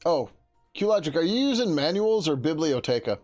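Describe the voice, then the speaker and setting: A man hosting a casual livestream as a software developer, talking in a laid-back, rambling way, swearing freely and laughing often. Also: fairly high pitch, very animated, brisk, soft background music.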